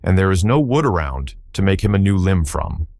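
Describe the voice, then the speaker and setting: A man's voice: sits low, very animated, moderate pace, vocal fry, a little mellow, no echo, clean studio sound, full character voice. Man doing an earnest, curious young boy.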